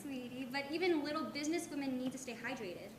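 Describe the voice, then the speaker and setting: A woman playing a sweet doting mom, high voice, staged play reading, echoey hall, clear hiss. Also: fast, lightly acted. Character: sweet overbearing suburban mom Dorothy.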